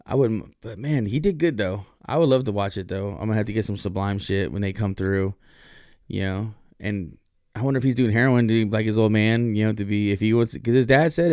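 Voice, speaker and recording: A man's voice: lowish voice, brisk, a little mellow, clear, resonant tone, dry recording, clean studio sound. A man hosting a podcast, talking in a loose, profane, rambling monologue full of fillers. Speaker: podcast host.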